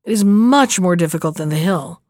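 A woman's voice: on the low side, expressive, normal speed, darkish tone, no room sound, clean studio sound, pitched below the performer's own voice, close to an everyday voice. A woman reading a worried poor old woman. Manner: anxious, pleading. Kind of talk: storybook reading.

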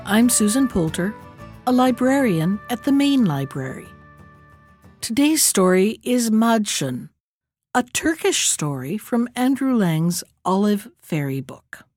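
A woman librarian reading a folktale aloud in an expressive, lively storytelling manner on a close mic. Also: mid-range voice, takes it slowly, dry recording, soft background music.

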